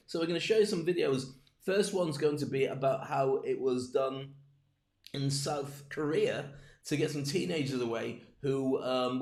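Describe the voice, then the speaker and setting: A man's voice: mid-range voice, roomy sound. A man hosting a casual comedic talk to camera, rambling and digressive, acting out gestures as he goes. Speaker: host. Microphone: streamed from home, camera.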